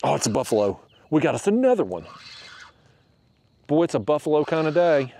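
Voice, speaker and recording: A man, chatting to his viewers in a folksy, excitable way while fishing from a small boat. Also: fairly high pitch, fairly quick, gravelly, a little hiss or hum. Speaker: fishing vlogger. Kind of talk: casual narration while fishing.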